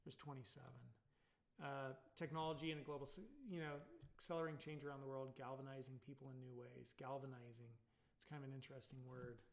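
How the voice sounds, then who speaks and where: Rambling Californian college instructor. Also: male voice, mid-range voice, level tone, fast, creaky. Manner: casual, rambling, many fillers and tag questions. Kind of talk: recorded online lecture.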